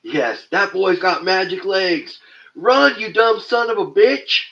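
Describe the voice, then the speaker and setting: A man doing an impression of an excited old-timer from a movie, in a high, hollering drawl. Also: slow pace, vocal fry, exaggerated voice. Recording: dull lo-fi stream audio.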